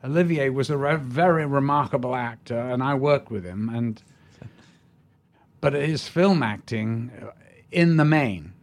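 An older man, an actor being interviewed, telling stories in a rambling, halting way with many restarts. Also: mid-range voice. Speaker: actor, guest. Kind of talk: anecdotal storytelling in an interview.

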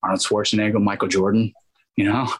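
A man's voice: on the low side, quick pace, breathy edge, poor audio. A man guest on an interview, telling rambling stories in a casual way and acting out quoted dialogue. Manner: animated, acts out quoted dialogue; rambling with restarts and fillers. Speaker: guest actor.

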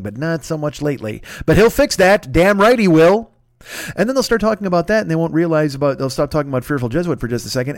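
Male podcast host; high, fast, profane rambler with a dry, close sound. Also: no echo. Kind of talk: comedic podcast rant.

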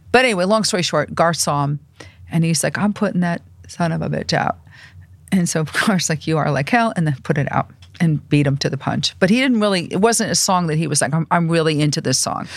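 Older woman guest, vivid storyteller, animated delivery, dry close mic. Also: sits low, dry recording. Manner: animated anecdotes, acts out quoted voices. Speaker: music industry publicist and manager, guest. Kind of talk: storytelling interview.

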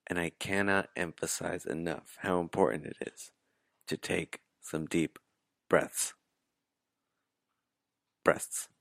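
A man voicing a calm male advice-giver who speaks slowly and soothingly and keeps urging deep breaths. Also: creaky, dry recording, full character voice.

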